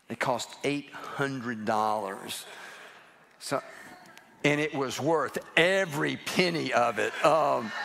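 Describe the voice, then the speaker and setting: A man's voice: medium pitch, sharp tone. Older man preaching at a live church service, a chatty, self-mocking storyteller with an easy, everyday voice. he tells stories from the pulpit with a joke never far off. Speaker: guest preacher. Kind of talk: humorous sermon storytelling.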